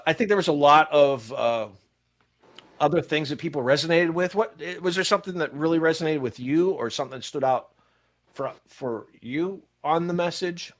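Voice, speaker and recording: On his casual church podcast, an older pastor and host spins stories, speaking in animated, quick bursts. His pitch is fairly high.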